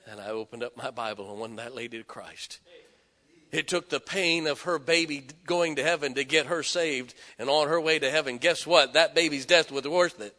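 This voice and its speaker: A man preaching a sermon, telling stories and swelling from hushed tones to loud exhortation. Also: on the high side, moderate pace. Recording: echoey hall with long reverb.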